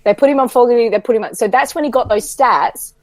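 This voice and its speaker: A woman co-hosting a football podcast, emphatic and repeating her points, her voice strained from yelling. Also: a little high, quick pace, no echo. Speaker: podcast co-host. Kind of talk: casual football chat.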